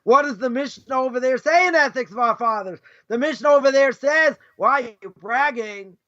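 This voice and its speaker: Male rabbi lecturing a class; very high, sharp voice, chatty and rhetorical, dull lo-fi stream. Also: brisk. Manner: conversational, keeps asking "right?"; acts out imagined speakers mid-lecture. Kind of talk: informal Torah lesson.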